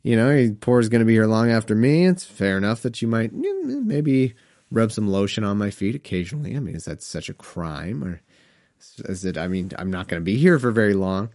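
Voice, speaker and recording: A relaxed, chatty Jesus pleads his case in a rambling, self-justifying way, as a man puts him on. The voice rises and falls a lot. It sounds like everyday talk, not a stage voice. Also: fairly low pitch, fairly quick, dry recording, studio quality. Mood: pleading. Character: laid-back adult male Jesus, casual and pleading.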